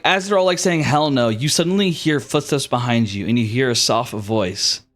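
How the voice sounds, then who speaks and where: A man with a somewhat high voice runs a tabletop game, narrating casually with slang and quick restarts. He stumbles over words as he goes. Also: fairly bright tone. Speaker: game master.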